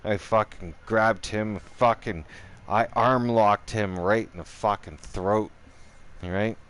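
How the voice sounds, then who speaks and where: A man's voice: on the low side, slow pace, clean tone. A man telling a profane personal story in casual style, acting out the voices as he goes. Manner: profane, animated, acts out every voice himself.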